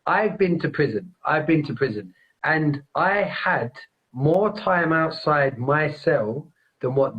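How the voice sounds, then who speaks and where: High-pitched, emphatic man. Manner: emphatic, repeats points, addresses listeners directly. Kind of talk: impassioned casual chat. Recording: dull lo-fi audio.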